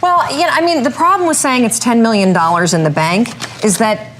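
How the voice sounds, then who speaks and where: A middle-aged woman in an interview answers with emphatic, upbeat advice. Her pitch swings widely, and faint room noise sits behind her. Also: fairly quick. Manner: animated, emphatic, advice-giving. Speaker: guest.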